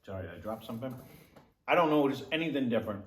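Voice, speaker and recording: Man, casual food review, chatty and opinionated, average pitch, echoey room. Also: expressive, fast talker, distant mic.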